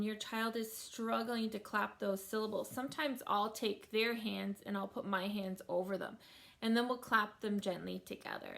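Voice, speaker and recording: A woman's voice: mid-range voice, creaky, a bit bright. A woman teacher giving a recorded lesson to families, patiently sounding out words syllable by syllable.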